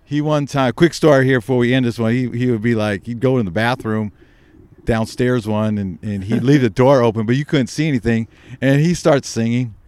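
A man's voice: medium pitch, brisk, a little mellow, clean tone, no room sound. A man co-hosting a podcast, telling rambling stories in casual chat and laughing as he goes. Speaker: podcast co-host.

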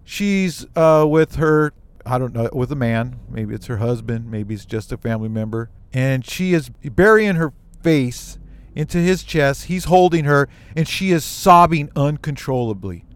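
A man from the United States telling a personal story on his own show, animated and emotional, with quick asides. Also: mid-range voice, smooth.

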